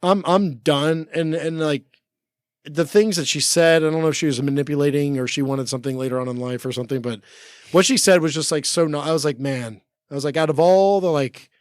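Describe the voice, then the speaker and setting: A man's voice: on the high side, fast, no room sound. A man in his forties, a podcast guest in the studio, telling personal stories in a rambling casual way, full of restarts and "like" fillers. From United States. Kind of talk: casual storytelling chat. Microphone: studio mic.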